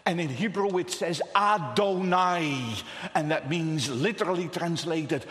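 A man's voice: a little high, measured pace, fairly bright tone. A man preaching a sermon with impassioned delivery, rising to calls and dropping to near whispers. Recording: echoey hall, long reverb.

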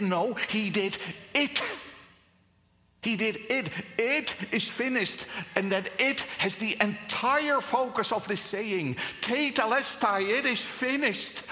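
Preacher guy, slow and bright, swings from whispers to cries, big echoey hall. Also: high-pitched. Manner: dramatic swings between hushed whispers and raised cries. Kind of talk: sermon. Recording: echoey hall with long reverb.

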